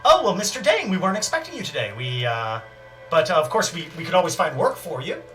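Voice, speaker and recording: A woman's voice: lowish voice, sing-song, fast talker, fairly bright tone, faint music behind. A man voicing a polite young female receptionist who speaks primly with slight hesitation.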